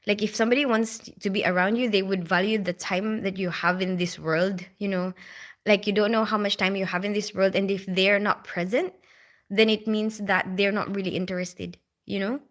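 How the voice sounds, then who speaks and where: Live-stream host: a woman from the Philippines, bright and forward in tone, chatty and loose, full of "like" and "you know". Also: mid-range voice, steady tone, normal speed. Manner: rambling, filler-heavy, greets viewers by name. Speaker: livestream host. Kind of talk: casual live-stream chat.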